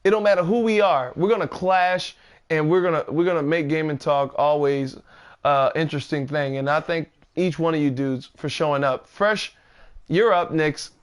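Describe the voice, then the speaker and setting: A man's voice: a little high, moderate pace, clear, resonant tone. A man hosting a casual gaming podcast, repeating himself and laughing as he wraps up with his guests. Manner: repeats words, laughs often, hypes guests. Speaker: podcast host.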